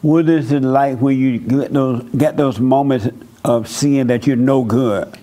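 A man's voice: mid-range voice, fairly even intonation, measured pace, dark tone. A male pastor questioning a church visitor in short, blunt, probing questions. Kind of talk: question-and-answer counseling in church.

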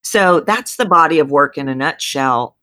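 A middle-aged woman with a Texan accent, a voice coach explaining her work in an interview with emphatic, animated delivery. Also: deep voice, normal speed, dry recording, clean studio sound. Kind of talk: interview storytelling.

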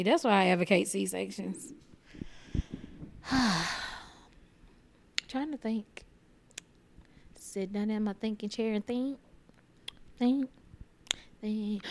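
A woman stand-up comedian from Texas, hosting her own podcast with a blunt, profane, animated comic rant. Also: on the high side, moderate pace, pauses often.

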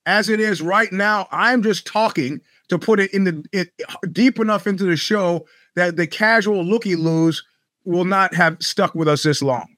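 A man's voice: sits high, normal speed, fairly bright tone, dry recording, studio quality. A man hosting a show, telling rambling, sardonic stories with plenty of profanity. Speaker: podcast host. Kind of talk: casual monologue.

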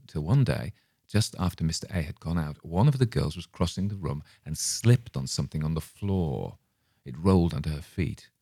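A man hosting a show, reading a horror story aloud in a measured, dramatic way. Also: deep voice, dark tone, no echo, clean studio sound. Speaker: host and reader.

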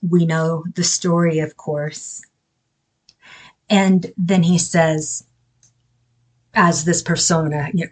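Low, husky-voiced woman podcast host. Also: fairly even intonation. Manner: thoughtful, halting, with many fillers. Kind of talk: explanatory podcast commentary.

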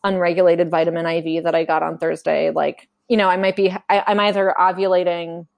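A woman's voice: fairly low pitch, little pitch movement, brisk, gravelly, a little mellow. A woman speaking frankly in a casual conversation, chatty, acting out quotes as she tells her story. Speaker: memoir author guest. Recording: podcast conversation.

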